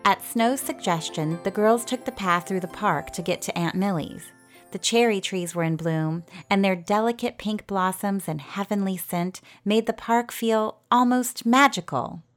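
A woman narrating a fairy tale in a gentle storytelling manner. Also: medium pitch, normal speed, faint music behind.

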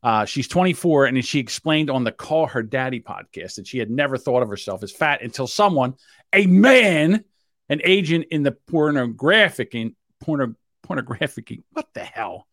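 Lively, brash male podcast co-host. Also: mid-range voice, normal speed, no echo, studio quality. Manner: crude, joking, brash. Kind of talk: casual podcast chat.

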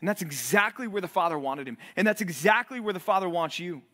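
Pastor, male, higher-pitched, animated sermon delivery with acted-out voices. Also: fast. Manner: animated, acts out quoted voices.

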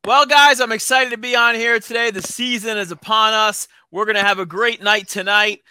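A man on a sports podcast panel, bantering loudly and trash-talking a co-host in mock anger. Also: sits high, fairly even intonation, moderate pace, a little hiss or hum. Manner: loud, mock-aggressive trash talk.

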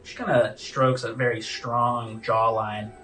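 Casual game master narrating, far mic. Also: male voice, medium pitch, little pitch movement, a little slow, fairly bright tone, faint music behind.

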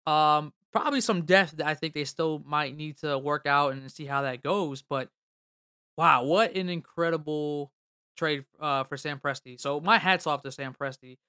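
Smooth-voiced sports host. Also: male voice, a little high, normal speed, bright, forceful tone, no room sound, clean studio sound. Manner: loose and rambling, many fillers. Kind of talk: casual sports talk.

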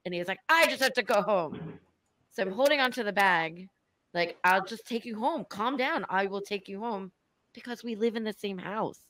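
A woman with a mid-range voice tells a story in casual podcast chat. She is animated, swears freely and laughs along the way. The recording is dry and close. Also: mid-range voice, normal speed, no room sound, low-quality recording. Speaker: guest.

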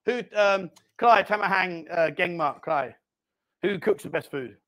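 A man hosting a lively live-stream chat in a bar, bossy and jokey, calling everyone mate. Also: high-pitched, unhurried. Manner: jokey, bossy banter, calls people mate. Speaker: host.

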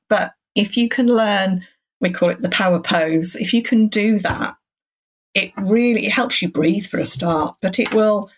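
Woman guest, calm and encouraging, mid pitch, talks at length. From England. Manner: calm, encouraging, rambling explanations. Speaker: cancer support centre guest. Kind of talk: podcast interview.

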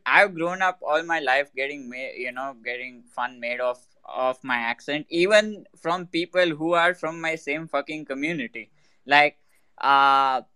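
A man in a casual online voice chat, relaxed and easygoing, often calling people "dude". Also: mid-range voice, clear, resonant tone, no echo. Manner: laid-back, says "dude" a lot. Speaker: guest on a crypto talk space.

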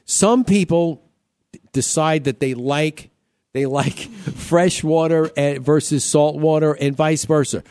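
Chatty radio guy riffing on home stuff, kinda high mellow voice, dry mic. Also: slow, no echo. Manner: chatty, repeats himself, joking. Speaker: radio show host. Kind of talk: casual radio talk.

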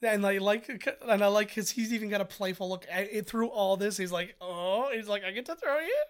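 A man's voice: high voice, steady tone, normal speed. A man co-hosting a podcast, chatting casually through a film commentary and telling stories full of filler words. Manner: chatty storyteller who acts out quotes; rambling with many filler words. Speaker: podcast co-host.

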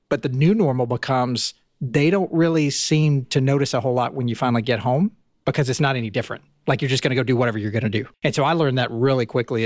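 A man in his thirties hosts a podcast interview and talks at a brisk clip. He reflects aloud in a rambling, conversational way, restarting his sentences, and his voice sounds dry and close with no room echo. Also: mid-range voice. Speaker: podcast host.

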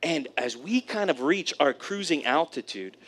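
Animated male preacher telling a story. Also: fairly high pitch, moderate pace. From California, USA. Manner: animated storyteller, frequent "right?" asides. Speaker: pastor. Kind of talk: sermon with personal story.

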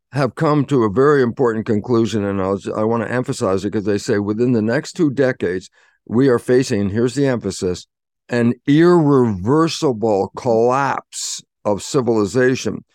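Animated man explaining in a dry sound. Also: mid-range voice, dry recording. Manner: animated, acts out dialogue in quotes. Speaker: interview guest. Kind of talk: conversational explaining.

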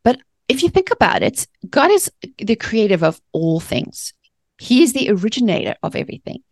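In an animated faith-focused interview, a woman author rants at times about faith and the mind and acts out the voices of people she quotes. She has a creaky, mid-range voice, recorded dry with studio quality.

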